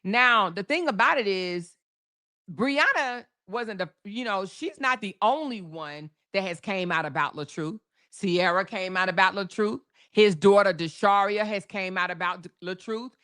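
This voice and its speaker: A woman's voice: mid-range voice, measured pace, sharp tone. A woman hosting a casual livestream, chatting with viewers, reading their messages aloud and drawing out names with a laugh. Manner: chatty, drawls names, reads super chats aloud, laughs often. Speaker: livestream host. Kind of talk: casual live chat with viewers.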